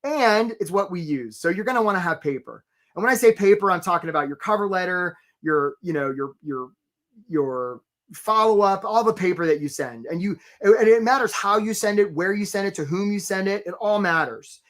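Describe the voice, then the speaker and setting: A man's voice: sits high, expressive, moderate pace, fairly bright tone. A middle-aged man coaching job seekers in a live webinar, chatty and upbeat, greeting viewers by name. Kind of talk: energetic live webinar presentation.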